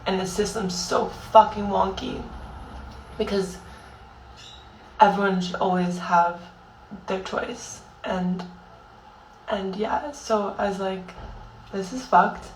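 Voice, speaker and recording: Tearful young woman, slow and halting. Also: mid-range voice, steady tone, darkish tone, echoey room, recorded from a distance, a little hiss or hum, rough recording. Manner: halting and raw, heavy swearing, many fillers. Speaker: vlogger. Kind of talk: emotional personal monologue.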